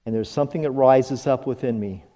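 A male pastor preaching a sermon, slow and dramatic, jumping to high emphatic bursts and dropping to hushed asides, leading the congregation in call-and-response. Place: church sanctuary. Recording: long reverb of a church hall.

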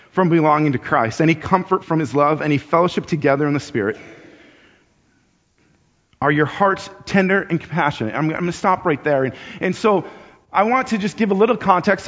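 A man with a high voice delivers a sermon in a loose, conversational manner, repeating words as he thinks aloud. He lifts his voice when acting out urgent appeals. The recording is dull and muffled, with a long reverb from a large church hall. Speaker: pastor.

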